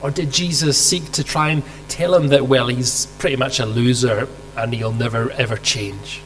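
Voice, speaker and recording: Speaking at a moderate pace, this man has a mid-range, fairly bright voice with fairly even intonation. His sermon features a vivid story, rhetorical questions, and quoted lines he acts out, all heard through hall reverb with a faint mains hum.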